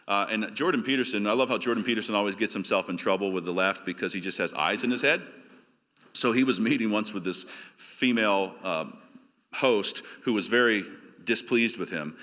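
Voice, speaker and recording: A male pastor from the South, preaching a conference sermon in a casual, conversational way that slows for scripture. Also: medium pitch, pushed and bright. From American South. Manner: conversational, emphatic, slowing down for scripture readings. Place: church hall. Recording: long reverb of a church hall.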